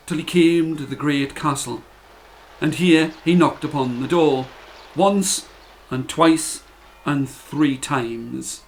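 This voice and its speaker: Slow, deliberate male storyteller. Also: a little high, vocal fry, slight background noise. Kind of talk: storybook narration for children.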